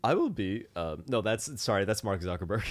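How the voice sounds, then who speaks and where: Male podcast co-host, playful and teasing, very animated pitch, dry studio sound. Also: normal speed, dry recording. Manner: playful, teasing, riffing on bits. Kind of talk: casual comedic chat.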